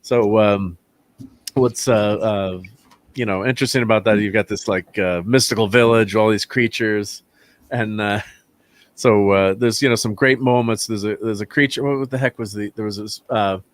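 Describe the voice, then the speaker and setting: A man's voice: lowish voice, steady tone, normal speed, no room sound. A man hosting a casual film review chat, rambling with lots of fillers and restarts and laughing often. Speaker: channel host, film reviewer.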